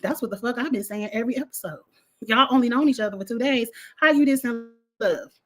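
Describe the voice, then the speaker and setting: Brief: young woman, sassy and blunt, bright higher voice, casual vlog rant. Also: quick pace. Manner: sassy, blunt, animated, cursing freely. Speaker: reality TV reviewer.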